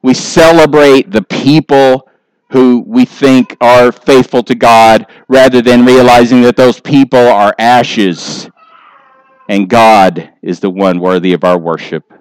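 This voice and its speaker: A pastor preaching a sermon with animated delivery, briefly acting out the voices of people he describes. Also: medium pitch, slow pace, clear, resonant tone, no echo, rough recording.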